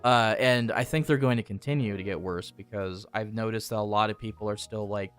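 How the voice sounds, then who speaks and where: Young male host, deep-ish voice, loose profane rambling, light music bed. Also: steady tone, a little fast, fairly bright tone. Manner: rambling, profane, restarts often. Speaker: channel host. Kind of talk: casual podcast chat.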